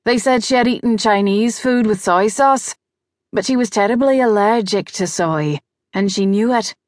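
A woman's voice: mid-range voice, normal speed, no echo, clean studio sound, lightly acted. A woman narrating an audiobook, voicing a grieving, bitter male ghost who is a father. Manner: bitter, insistent. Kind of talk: audiobook character voice.

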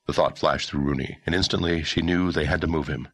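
A man narrating a historical novel audiobook in a measured, expressive storytelling manner. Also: very deep voice, gravelly, breathy edge, dry recording. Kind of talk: scripted narration.

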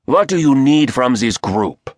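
A man voicing a raspy, impatient male leader of a sinister secret council, commanding and cold. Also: medium pitch, big pitch swings, measured pace, no echo, clean studio sound, voice pushed up. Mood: stern.

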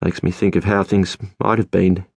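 A man reading an audiobook, playing a quiet, gentle lighthouse-keeper husband who speaks haltingly. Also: level tone, breathy edge, dry recording. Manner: quiet, halting, low-key. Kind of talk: audiobook narration.

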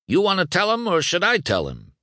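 A man's voice: high-pitched, huge pitch swings, a little fast, sharp tone, no room sound, clean studio sound, voice pushed up, full character voice. A man voicing a cheerful, folksy older male car who talks in a jovial, teasing way.

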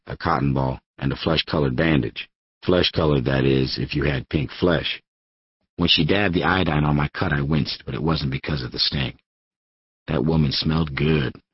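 A man narrating a crime novel in the first person, low and measured with a wry edge, in a slightly dull studio recording. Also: breathy edge, dry recording. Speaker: audiobook narrator.

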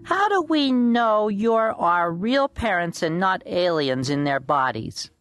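A man reading a storybook aloud, voicing a bossy, scheming little girl who is pushy and excitable. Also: high-pitched, slow pace, faint music behind, voice pushed up, exaggerated voice.

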